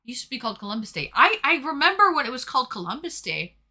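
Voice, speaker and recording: A young woman talks fast in a high, husky voice that's pushed and bright, sounding very animated. She's hosting a casual live stream from home, playfully reading chat messages aloud in a chatty way.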